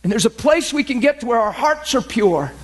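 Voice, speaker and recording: A man with a high, bright-sitting voice delivers a sermon in a passionate, animated way. He preaches with fervor and presses each point hard. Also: brisk.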